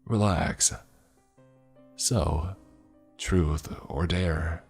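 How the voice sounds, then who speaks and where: A man voicing an ageless, sinister stranger in a suit who speaks in a calm, slow monotone. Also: low voice, creaky, slightly rough, faint music behind, exaggerated voice. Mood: calm, menacing.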